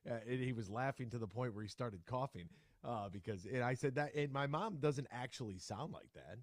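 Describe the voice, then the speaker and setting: A man hosting a sports talk radio show, casual and jokey, telling stories with animated voices. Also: mid-range voice, fairly quick, no echo. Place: radio studio. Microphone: studio microphone.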